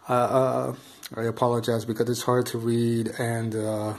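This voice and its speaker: A man reading a rulebook aloud in a halting, hesitant way, full of ums and uhs, filmed on a camera above the table. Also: medium pitch, little pitch movement, a little mellow. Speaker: board game unboxing host. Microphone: camera filming over the table.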